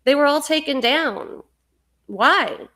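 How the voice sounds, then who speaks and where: A woman's voice: high-pitched, expressive, slow, fairly bright tone. A middle-aged woman hosting a livestream, talking fervently in a rambling spiritual monologue and often repeating words. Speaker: livestream host.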